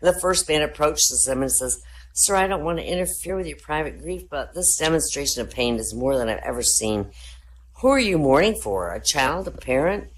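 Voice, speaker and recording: A woman tells jokes in a low, deep register. She keeps a deadpan storytelling manner and lifts her pitch for each punchline. She sounds like a speaker in an online voice chat room. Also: moderate pace. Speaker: joke teller. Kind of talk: telling jokes at an online comedy night.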